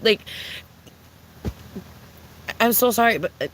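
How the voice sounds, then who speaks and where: A young adult livestreamer in casual, unscripted chat with viewers, talking bluntly and with a lot of profanity, ranting with lively swings. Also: medium pitch, a little fast, creaky, poor audio.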